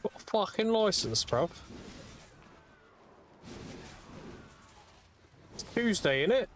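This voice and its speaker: A man's voice: on the high side, sing-song, normal speed, slight background noise. A man doing a brash swearing British lad. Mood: mocking. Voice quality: loud, slangy, swaggering.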